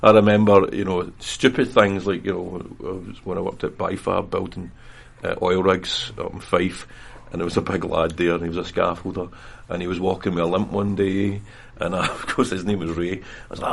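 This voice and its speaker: A man's voice: low-pitched, level tone, brisk, vocal fry, hardly any pauses. A Scottish man, the interviewee, talking earnestly and at length in a candid interview, laughing at himself now and then. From Scotland. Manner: earnest, rambling, self-deprecating with laughter. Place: prison room.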